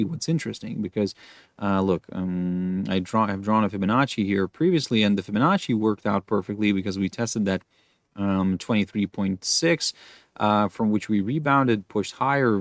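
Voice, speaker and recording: Male market host, low voice, dry close sound, casual chart commentary, talks loosely with many fillers. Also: vocal fry, no room sound. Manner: loose and chatty, many fillers like "look" and "you know".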